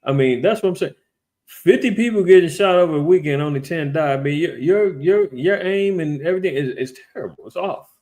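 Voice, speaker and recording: A man's voice: on the high side, fairly quick, a little mellow. A man giving a casual, blunt and profane commentary on current events.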